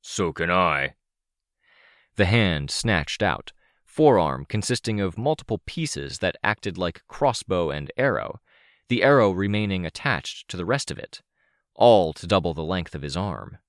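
A man reading first-person fiction aloud as an audiobook narrator, measured and vivid. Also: low-pitched, big pitch swings, dry recording, clean studio sound.

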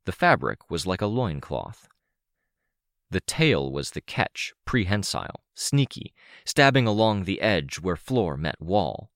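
Deep guy reading an action audiobook, lively up and down voice. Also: a little slow, dry recording, studio quality. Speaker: audiobook narrator. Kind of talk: first-person fiction narration.

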